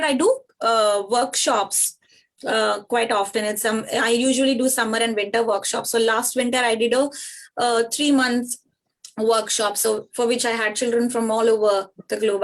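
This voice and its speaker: A woman who is a yoga teacher answers interview questions earnestly over a video call, pausing often with "uh". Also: on the high side. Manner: earnest and explanatory, with frequent pauses and "uh". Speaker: yoga teacher and studio founder.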